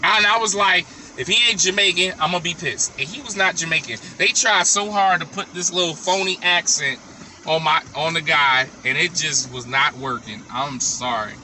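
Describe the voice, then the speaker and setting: A man with a high, very bright and cutting voice speaks straight to the camera in a casual vlog, blunt and opinionated. He repeats his verdicts again and again for emphasis. Faint traffic hums behind him outdoors. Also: normal speed. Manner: talks straight to viewers. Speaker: vlogger.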